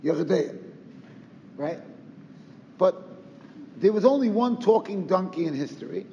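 This Torah teacher speaks a little slowly in a high-pitched, dark-toned voice with vocal fry, expressively firing off rhetorical questions and adding Yiddish and Hebrew terms. The recording carries roomy reverb, faint noise, and a dull lo-fi sound.

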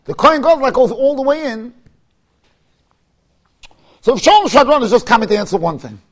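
High-pitched, animated man teaching a Torah class. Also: brisk. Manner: animated storyteller, rising to emphatic shouts; mixes in Hebrew and Yiddish terms.

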